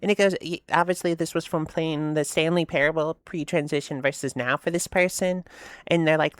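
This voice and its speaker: A woman's voice: sits low, steady tone, brisk, dry recording. A woman hosting a casual meme-reaction video, rambling and swearing freely as she comments. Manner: rambling, with frequent swearing and fillers. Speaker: host reacting to memes.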